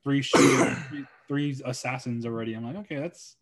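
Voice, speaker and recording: A man's voice: mid-range voice, moderate pace, a crowd in the background. A man chatting casually about a movie with friends, rambling and acting out lines from scenes. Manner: relaxed, rambling, acts out quotes.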